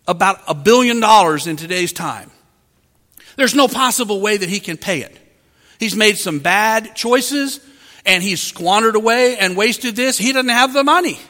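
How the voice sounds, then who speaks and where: A man preaching a sermon as pastor, earnest and emphatic with dramatic pauses. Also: sits high, pushed and bright. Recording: reverberant hall.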